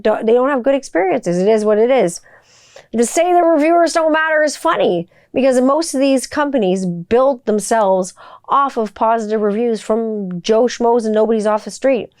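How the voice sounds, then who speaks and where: A woman's voice: fairly high pitch, smooth, no echo, studio quality. A middle-aged woman hosting a podcast, ranting bluntly with lots of swearing and rhetorical questions. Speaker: podcast host. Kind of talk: profane ranting monologue.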